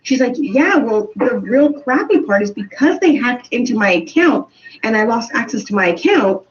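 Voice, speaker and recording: A woman with a fairly high voice tells stories in animated casual chat and laughs easily. She sits a little back from the mic, and the recording is dull and lo-fi with a faint hiss underneath. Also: normal speed. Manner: animated storytelling, laughs often. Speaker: co-host and teacher. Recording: dull lo-fi sound, distant from the mic.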